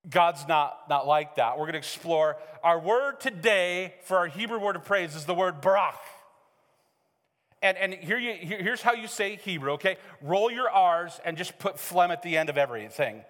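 A middle-aged male pastor preaching a sermon in a church, animated and joking, acting out quotes as he tells stories. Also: sits high, normal speed. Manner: animated, joking storyteller who acts out quotes. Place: church sanctuary. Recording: hall reverb.

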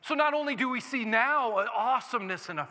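A male pastor delivers a sermon, his voice high and bright. He moves from quiet, conversational teaching to loud exclamations, and a long church reverb trails each phrase. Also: lively intonation, quick pace. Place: church sanctuary. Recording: echoey church hall.

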